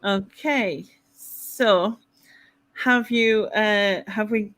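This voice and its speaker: A woman's voice: mid-range voice, very slow, fairly bright tone. A woman hosting a charity live stream over a video call, chatty, laughing often, with hesitant fillers. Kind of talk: casual live stream chat.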